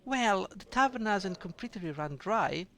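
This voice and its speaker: A man's voice: sits high, lively intonation, moderate pace, fairly bright tone, voice pushed up. A man voicing a sweet, fussy middle-aged woman who runs a tavern, reading game dialogue aloud. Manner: fussy, calls the listener dearie.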